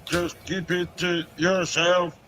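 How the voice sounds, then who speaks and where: Robot voice put on by a man, flat pitch, unhurried robotic delivery. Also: slight background noise, exaggerated voice, low-quality recording. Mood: deadpan robotic. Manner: slow, stiff, robotic delivery. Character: flat monotone male AI robot. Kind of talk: playful put-on voice on livestream chat.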